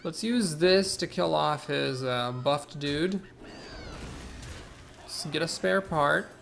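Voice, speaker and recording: A man's voice: a little high, takes it slowly, vocal fry, fairly bright tone, a little hiss or hum. A young man commentating his own card game, thinking aloud, weighing plays and correcting himself as he goes. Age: young adult. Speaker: streamer playing a card game. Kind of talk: live gameplay commentary.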